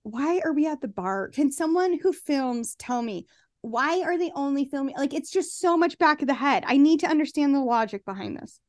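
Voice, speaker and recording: A high-pitched woman talks in a loose, sarcastic podcast chat and keeps slipping into little acted-out quotes. Her voice sits close and dry, with no room sound around it. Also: expressive, normal speed, dry recording. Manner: chatty, sarcastic, acts out quotes. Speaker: podcast co-host. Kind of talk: casual chat recapping a reality show.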